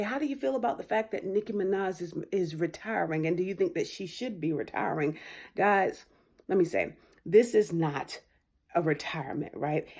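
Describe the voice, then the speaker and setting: A woman with a lowish, dark and mellow voice delivers opinion commentary. She argues methodically and keeps tagging her points with "right?". She jumps into high, dramatic voices when quoting others. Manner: argumentative, frequent tag "right?"; acts out quoted voices with big pitch jumps. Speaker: lawyer commentator.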